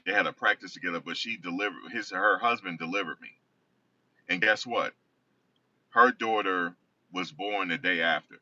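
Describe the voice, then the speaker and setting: Man, low voice, forceful bright tone, rambling storytelling, distant muffled recording. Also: normal speed, dry recording. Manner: rambling, self-correcting, conversational. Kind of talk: casual personal storytelling.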